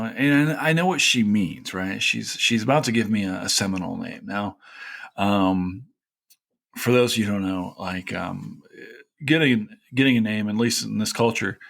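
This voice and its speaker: A man from Kentucky talks through a personal story in a loose, rambling way, with "you know" scattered all through it. His voice sits low and has a gravelly, crackly edge. He sounds heartfelt and close to tears. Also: fairly bright tone. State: tearful at times. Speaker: historian host.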